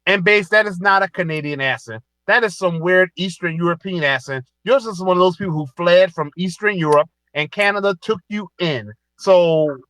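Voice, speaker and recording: A man's voice: high-pitched, moderate pace, hardly any pauses, a bit bright, dry recording. A man with a Southern US accent hosting a live online audio space, lecturing a caller in a heated, emphatic way and repeating himself.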